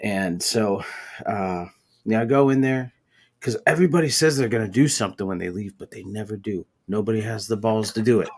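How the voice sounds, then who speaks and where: A man's voice: lowish voice, brisk, darkish tone. A man hosting a podcast, telling a story in casual, profane chat. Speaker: podcast host.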